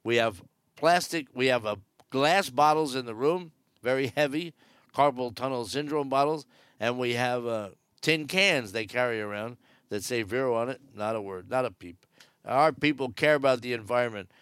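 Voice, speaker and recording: A man's voice: medium pitch, normal speed, fairly bright tone, clear, resonant tone, no echo, studio quality. A man giving casual, wry cruise news commentary from aboard a ship, joking sarcastically. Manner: chatty and wry, jokes sarcastically.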